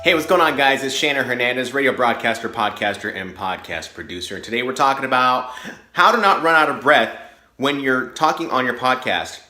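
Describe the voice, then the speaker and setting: A man's voice: mid-range voice, brisk, bright, forceful tone, faint music behind. A man who is a radio broadcaster and podcaster, opening his video with an upbeat, chatty greeting and introducing the topic. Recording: echoey room.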